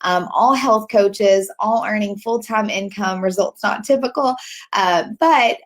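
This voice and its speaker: A woman's voice: medium pitch, unhurried. A woman hosting a mothers' webinar over a video call, speaking in an effusive, gushing way. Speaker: host of a webinar for moms. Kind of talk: casual livestream hosting.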